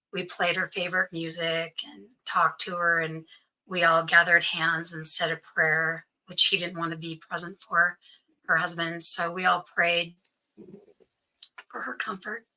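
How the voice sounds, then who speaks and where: A woman's voice: on the low side, pushed and bright, low-quality recording. A middle-aged woman, a guest in an interview, telling a personal story and acting out what each person said. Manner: recounts events by acting out quoted dialogue.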